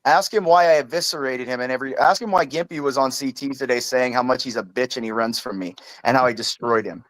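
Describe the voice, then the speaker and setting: A man's voice: medium pitch, fast, a bit bright, no echo, poor audio. A man on an online panel call, ranting angrily with heavy profanity and stammered restarts. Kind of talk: heated livestream panel argument.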